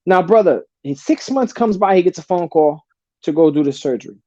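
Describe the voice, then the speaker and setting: A man's voice: high-pitched, expressive, a little fast, darkish tone, dry recording, dull audio. A man telling stories as a podcast guest in blunt, profane casual talk, often calling the host brother. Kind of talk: casual storytelling.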